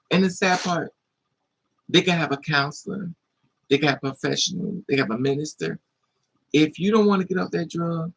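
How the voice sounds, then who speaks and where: Gravelly-voiced man telling an animated story. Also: rough recording. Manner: animated, acts out voices with high-pitched squeals. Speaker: live streamer. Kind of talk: casual storytelling monologue.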